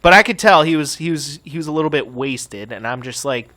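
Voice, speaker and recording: A man's voice: fairly high pitch, lively intonation, a little fast, sharp tone. A man hosting a gaming channel, telling a story in a profane, ranting way while playing. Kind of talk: casual chat while playing a game.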